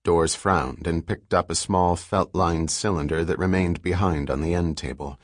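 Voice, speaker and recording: A man narrating an audiobook in a steady, plain storytelling manner. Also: deep voice, moderate pace, no room sound, clean studio sound. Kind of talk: scripted narration.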